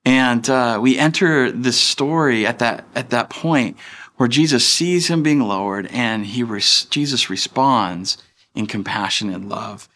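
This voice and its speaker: A man's voice: medium pitch, measured pace, a bit bright. A man in his thirties preaching a sermon as pastor, in a casual, chatty way that acts out the people he quotes.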